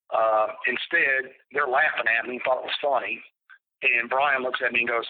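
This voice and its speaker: A man telling a personal story in an interview, blunt and profane, with halting restarts. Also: medium pitch, fairly even intonation, a little hiss or hum. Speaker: interview guest. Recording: tinny phone line.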